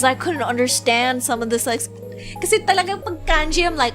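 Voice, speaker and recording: A woman's voice: sits high, normal speed, over music. Giggly Filipino woman streaming games. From Philippines. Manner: chatty, giggly, switches between English and Tagalog. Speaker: VTuber streamer. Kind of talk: casual game stream chat, reading game text aloud.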